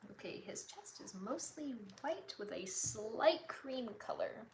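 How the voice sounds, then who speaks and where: A woman's voice: a little high, animated, slow, a little hiss or hum. A woman chatting casually with her livestream viewers, reading their comments aloud and apologizing often, recorded from a distant mic in a roomy space. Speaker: artist streamer.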